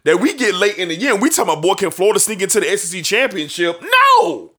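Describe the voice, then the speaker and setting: A man co-hosting a casual sports talk show, animated, with laughs and drawn-out exclamations. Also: sits high.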